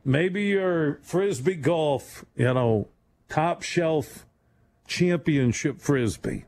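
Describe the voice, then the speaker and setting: A man hosting a late-night radio talk show, rambling and animated, laughing often as he talks. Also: a little high, very slow.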